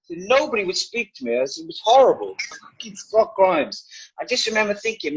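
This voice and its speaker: A man, an actor guest, telling a lively anecdote in casual talk on a video call, swearing freely. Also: high-pitched, brisk, highs cut off, a little hiss or hum. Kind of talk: casual storytelling.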